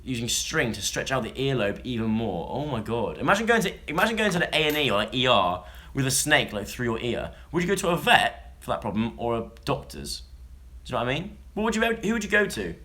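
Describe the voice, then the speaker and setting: Young male vlogger, bright and forward tone, chatty and jokey, prone to tangents. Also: medium pitch, big pitch swings, brisk. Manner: chatty, jokey, rambling asides. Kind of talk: casual chat, reading news stories to a live audience.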